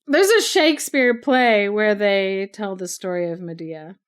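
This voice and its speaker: A woman's voice: medium pitch, a little slow, smooth. A woman co-hosting a podcast, casually retelling a story with lots of "like" and frequent laughter. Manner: chatty, laughs often, heavy use of "like". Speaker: podcast co-host.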